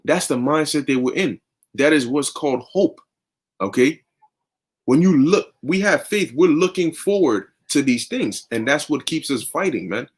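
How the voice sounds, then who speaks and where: Man, young adult preacher, fervent casual scripture talk, husky, slightly high voice. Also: expressive, measured pace. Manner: fervent, conversational, often says "man" and "okay". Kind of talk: informal scripture teaching.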